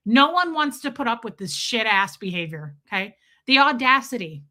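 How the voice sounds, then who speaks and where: A woman's voice: on the high side, very animated, normal speed, pushed and bright. A woman streamer telling a story as a comedic, profane rant. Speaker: live streamer.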